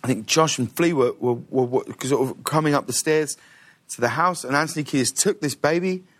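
A man with a rather high voice tells a story as a guest on a television talk show. He talks in an animated way and keeps breaking into laughter. His sentences are full of "like" and "uh". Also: fairly quick. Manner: laughs often, fills with "like" and "uh". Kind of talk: animated anecdote telling. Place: television studio.

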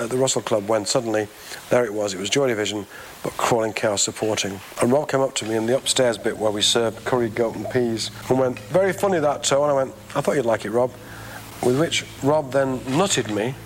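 Wry man telling stories. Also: mid-range voice. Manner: wry, self-mocking storyteller. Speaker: record label founder. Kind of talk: archive interview anecdote. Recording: faint background noise.

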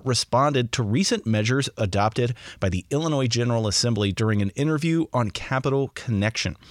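A man's voice: medium pitch, no echo. Male co-host, wry, reads news items, dry close sound. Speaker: podcast co-host. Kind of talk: casual chat and reading news.

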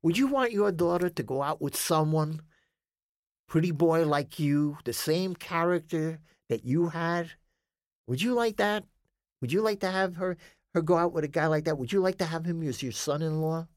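A confrontational ex-mob sponsor, pushing and swearing with each line and pitched above the teller's usual voice, as a man acts him out in a story. The sound is dry and close, with no room around it. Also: moderate pace, dry recording, lightly acted. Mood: probing. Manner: confrontational, profane. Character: blunt tough-talking male ex-mob sponsor.

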